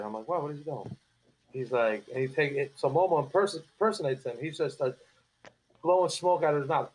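A man's voice: fairly high pitch, a little fast, darkish tone, low-quality recording. A man telling stories in casual podcast chat, animatedly acting out coworkers' voices. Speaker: cigar company guest.

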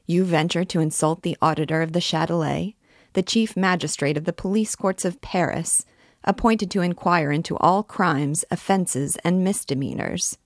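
A woman's voice: on the low side, moderate pace, no room sound, clean studio sound, natural voice. A woman voicing a pompous, long-winded male magistrate's deputy who grandly lists his own titles. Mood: indignant.

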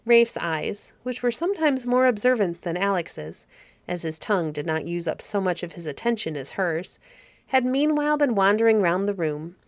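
Calm woman reading a fairy story. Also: mid-range voice, normal speed, no room sound. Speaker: audiobook narrator.

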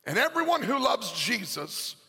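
A pastor preaching a sermon to a congregation in a large church, his delivery rising into a sing-song cadence and shouted peaks. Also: extremely high pitch, very animated, normal speed, vocal fry, slightly rough. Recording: long hall reverb, faint music.

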